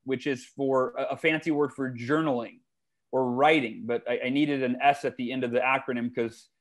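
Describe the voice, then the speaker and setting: A man, a guest author in a podcast interview, telling stories in an animated way with big swings in his voice. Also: medium pitch, moderate pace. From United States.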